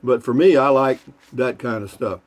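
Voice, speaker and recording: A man's voice: medium pitch, normal speed. A man tells jokes in a loose, folksy, rambling way. He fills his talk with asides and stops to toast and sip a beer between jokes. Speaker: joke-telling vlogger. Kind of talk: casual joke telling.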